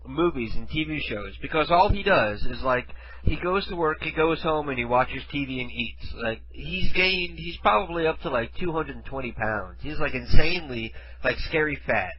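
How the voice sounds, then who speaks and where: A man's voice: fairly high pitch, lively intonation, normal speed, hardly any pauses, highs cut off. A man hosting a radio show, chatting casually between prank calls in a rambling, crude, laughing way. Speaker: radio host.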